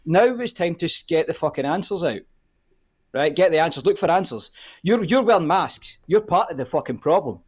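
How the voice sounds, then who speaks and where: A man's voice: a little high, lively intonation, a little fast, slightly rough. A man, a guest on a live podcast, ranting heatedly and swearing often. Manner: fired up, swearing often, repeats "the whole point is".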